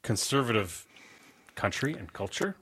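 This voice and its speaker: A man interviewing a guest in a broadcast interview, asking gentle, measured questions. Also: lowish voice, sing-song, husky. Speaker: radio interviewer.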